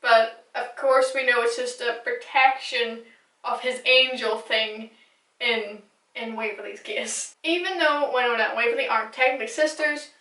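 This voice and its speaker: A young woman chats her way through a fan recap, gushing and dropping the odd swear word. Her voice is bright and sits a little high. She is heard from a few steps back, in a room with plenty of echo. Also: moderate pace. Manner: gushing, chatty, swears casually. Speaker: recap vlogger. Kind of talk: casual fan recap monologue. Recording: echoey room, distant mic.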